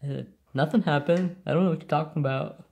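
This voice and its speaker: A man putting on a squeaky, excitable male dog, protective but quick to act innocent. The voice jumps far above his own usual pitch and comes out loud and strained. It has a playful, sheepish edge. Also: natural voice. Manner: high squeaky put-on dog voice.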